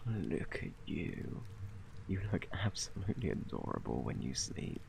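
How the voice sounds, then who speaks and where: A British man voicing a gentle, protective male alien parent in a whispered role-play. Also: fairly low pitch, a little hiss or hum, exaggerated voice. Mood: tender hush. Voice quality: soft, breathy, tender. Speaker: ASMR performer.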